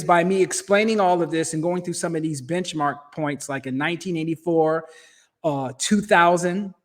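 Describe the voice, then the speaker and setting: Midwestern male host, chatty, punchy delivery, slightly higher voice, finance commentary. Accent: Midwestern American. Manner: conversational and emphatic, with restarts and slang. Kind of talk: casual commentary over a shared screen.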